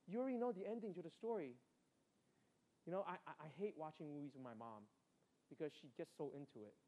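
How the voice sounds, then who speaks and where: A man with a slightly higher voice preaches a sermon. He talks in a casual, conversational way and keeps asking "right?" to check in with the listeners. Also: quick pace, low-quality recording. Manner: conversational, often asks "right?"; acts out his mother in a high excited voice. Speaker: pastor.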